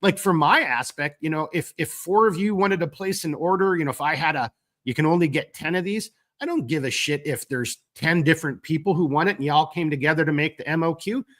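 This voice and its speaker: A man's voice: on the high side, a little fast, a bit bright. Chatty man on a live stream, fighting a cold. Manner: rambling, loose and chatty, with frequent fillers and mild cursing. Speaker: gear company owner hosting a live stream. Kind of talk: casual live-stream chat, reading viewer comments.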